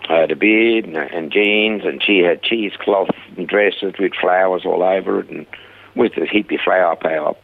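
Older Swiss-accented man, low and husky, animated storyteller. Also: normal speed, narrow, tinny audio. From Switzerland. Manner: animated anecdotal storytelling, acting out dialogue. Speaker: guest telling his life story. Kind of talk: storytelling interview.

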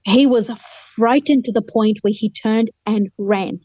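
In a dry recording, a woman with a fairly high but dark-toned voice speaks at a measured pace. She's a human rights lawyer from Fiji, a guest in an interview telling her faith testimony, and she brings the dialogue to life as an earnest, vivid storyteller.

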